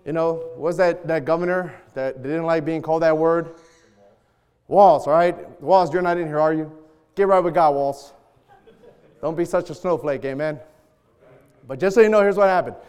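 Man, pastor, sermon, loud call-and-response, resonant voice, long hall reverb. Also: a little high, normal speed, pauses often, smooth.

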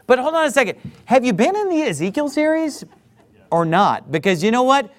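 A man's voice: very high-pitched, sing-song, a little fast. A male pastor delivering an emphatic sermon, preaching hard and mocking his critics in mock voices. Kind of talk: fiery sermon.

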